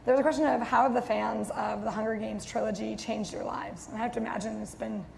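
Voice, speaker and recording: A woman's voice: fairly high pitch, steady tone, fast talker, vocal fry. A woman moderating a live audience Q&A, reading out questions with giggles and hesitant fillers. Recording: long reverb of a hall, faint noise.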